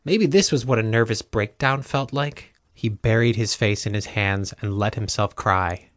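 A male audiobook narrator reading a novel in a measured, even way. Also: on the low side, no echo, clean studio sound. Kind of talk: scripted narration.

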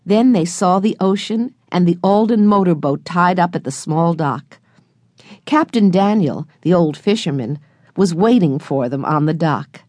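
A woman narrating a children's audiobook with clear, expressive storytelling, recorded close in a studio. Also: fairly low pitch, unhurried, dry recording. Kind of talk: scripted narration of a children's book.

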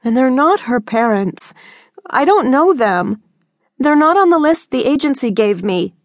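Brief: woman narrator doing a scared teen girl, hushed and pleading, high and thin, dry studio sound. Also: big pitch swings, a little slow, no echo, heavily acted. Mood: protesting. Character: frightened fifteen-year-old girl, pleading softly. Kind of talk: audiobook character voice.

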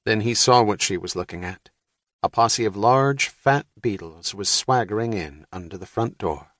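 A man narrating an audiobook for young readers in a measured, even storytelling manner. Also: fairly low pitch, dry recording. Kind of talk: scripted narration. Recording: dry studio.

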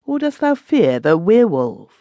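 A woman voicing a spirited, loving young noblewoman in archaic speech, earnest and lively. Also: fairly low pitch, moderate pace, dry recording, lo-fi sound, voice pushed up.

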